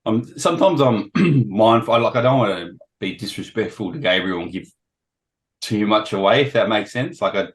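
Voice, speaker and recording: A man with a hoarse, failing voice giving a casual presentation on a video call, often clearing his throat. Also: on the low side, animated, moderate pace, rough recording. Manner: frequent throat-clearing, self-deprecating. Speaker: guest trader sharing experience.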